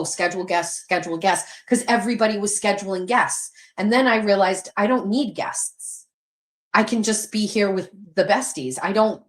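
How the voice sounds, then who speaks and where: Chatty, swearing woman host in an echoey room. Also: medium pitch. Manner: candid, chatty, swears freely. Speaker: livestream host. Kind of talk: casual livestream chat reading viewer comments. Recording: roomy echo.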